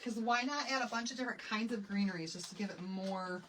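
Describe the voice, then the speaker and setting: A woman with a Michigan accent talks her viewers through a craft project, thinking aloud and breaking into laughs. Her voice sits at an ordinary pitch and sounds a little distant from the microphone, with a faint hiss of background noise. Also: quick pace, a bit bright. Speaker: craft vlogger. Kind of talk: casual chat while crafting.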